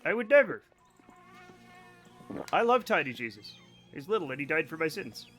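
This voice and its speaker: A man's voice: on the high side, very animated, fast talker, a bit bright, faint music behind. A young man streaming a game, joking and rambling with his chat, often breaking into giggles. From Scotland. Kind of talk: casual livestream chat while gaming.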